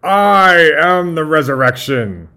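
A man voicing a grandiose, self-important male mad scientist who booms out proclamations. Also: animated, takes it slowly, sharp tone, exaggerated voice.

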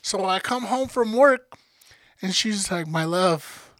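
A man's voice: high voice, lively intonation, slow pace, a bit bright, no room sound, studio quality. A young man co-hosting a casual podcast, telling stories in a profane, heated way. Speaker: podcast co-host.

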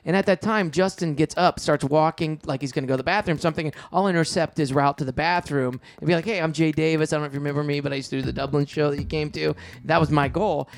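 A middle-aged man telling stories in a casual interview, animated and quick, acting out quoted lines in a raised voice. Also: fairly high pitch, no room sound. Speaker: comedian and show producer, guest. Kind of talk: casual storytelling in a podcast interview.

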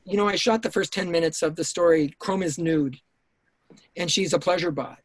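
A man's voice: a little high, normal speed, breathy edge, no room sound. A man guest on an interview podcast, telling stories intensely, swearing and restarting his sentences, speaking over a remote call. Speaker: writer-director guest. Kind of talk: casual interview storytelling.

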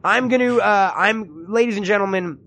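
A man's voice: high-pitched, normal speed, fairly bright tone. A man hosting a podcast in casual comedic chat, joking and swearing as he riffs on stories. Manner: joking, profane, riffing impressions. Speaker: podcast host.

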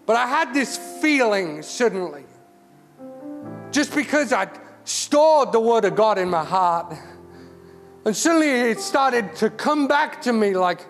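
A man's voice: extremely high pitch, sing-song, a little slow. A man preaching an impassioned sermon, repeating words as he builds. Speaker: charity CEO, guest preacher. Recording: hall reverb with music.

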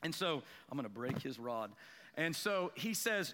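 A man preaching a sermon, telling a self-deprecating fishing story and building to excited emphasis. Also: on the high side, measured pace, in a large hall. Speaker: pastor. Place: church sanctuary.

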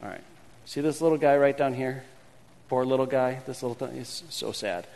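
A man, a pastor, teaching a congregation a playful hand-gesture game in his sermon, shifting between lively calls and quiet asides. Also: medium pitch, normal speed, creaky. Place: church sanctuary. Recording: long hall reverb.

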